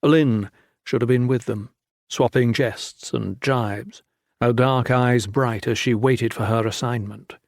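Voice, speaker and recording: A man narrating a fantasy audiobook in a steady, measured storytelling manner. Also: medium pitch, no echo, clean studio sound.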